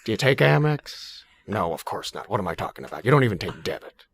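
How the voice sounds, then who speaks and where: A man's voice: fairly low pitch, fast, creaky, breathy edge, no room sound, heavily acted. A man doing a fretful, apologetic celebrity impression. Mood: apologetic fretting. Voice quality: relaxed throat, soft voice. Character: apologetic nervous middle-aged man, relaxed voice.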